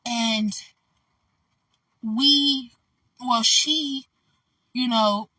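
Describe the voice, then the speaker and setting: Bright-voiced woman rambling through a story. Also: a little high, fairly even intonation, very slow, no echo, distant mic, rough recording. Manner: rambling, loose and candid, heavy on "like" and "you know". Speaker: vlogger. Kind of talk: casual storytime vlog.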